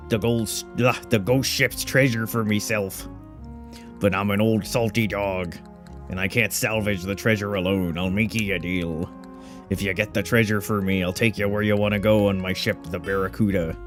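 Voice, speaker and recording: A man voicing a gruff old male pirate sea captain with a growling pirate brogue, reading game dialogue aloud in character. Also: mid-range voice, steady tone, takes it slowly, pushed and bright, soft background music. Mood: scheming.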